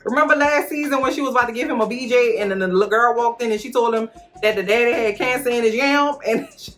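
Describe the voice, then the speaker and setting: Sassy woman with a low voice recapping a show. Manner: sassy, animated, acts out characters in high voices. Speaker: recap vlogger. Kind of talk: casual reaction recap.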